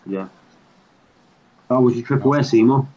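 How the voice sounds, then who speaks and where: A man's voice: mid-range voice, moderate pace, dark tone. A man bantering and teasing his friends on a live stream call, laughing often. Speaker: stream guest. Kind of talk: casual chat. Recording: dull lo-fi call audio.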